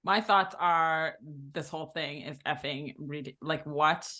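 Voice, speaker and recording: A woman's voice: sits low, measured pace, pushed and bright. A woman co-hosting a casual podcast who reacts with exasperation and disbelief. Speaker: podcast co-host. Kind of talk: casual chat.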